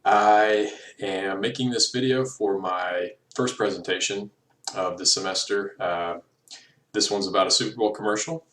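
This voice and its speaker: A man's voice: lowish voice, fairly even intonation, moderate pace, a bit bright, far from the mic. A young man recording a class presentation, hesitant, with many ums and uhs. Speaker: student presenter. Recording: echoey room, voice from afar.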